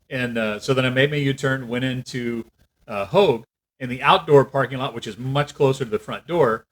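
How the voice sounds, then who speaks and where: A man telling a story in a casual rant, animated and acting out what other people said. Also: mid-range voice, fairly quick, low-quality recording. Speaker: vlogger.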